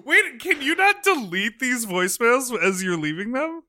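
A man co-hosting a podcast, reacting in an expressive, playful way. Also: very high-pitched, normal speed, no room sound, studio quality. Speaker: podcast co-host. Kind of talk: casual chat.

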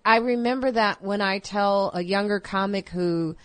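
A woman's voice: mid-range voice, normal speed, dry recording. A middle-aged woman comedian chatting on a talk show, laughing often and mimicking other comics. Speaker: comedian guest. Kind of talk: casual talk show chat. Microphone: studio microphone.

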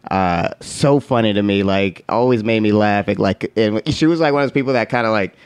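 A man chatting casually, telling lively, profane work stories and jumping into high voices when he quotes people. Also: brisk, clear, resonant tone, no room sound. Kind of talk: casual storytelling chat.

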